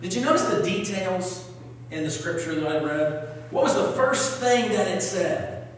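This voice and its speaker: A man's voice: sits high, expressive, a little slow, slight background noise. A man preaching a sermon, reading scripture aloud and asking his congregation questions. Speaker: pastor. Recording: echoey hall, voice from far off.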